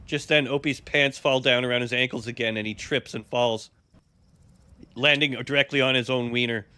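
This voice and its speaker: A man's voice: mid-range voice, steady tone, moderate pace, bright, forceful tone, clear, resonant tone, dry recording. A man narrating an improvised role-play story with friends on a live stream. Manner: storytelling, breaks into laughter. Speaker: streamer guest.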